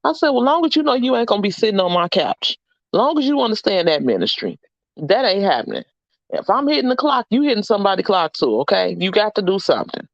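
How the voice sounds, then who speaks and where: A woman's voice: mid-range voice, gravelly, no echo. Woman, middle-aged, livestream host, encouraging, casual chat, dry dull lo-fi audio. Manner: upbeat, encouraging, reads chat names aloud.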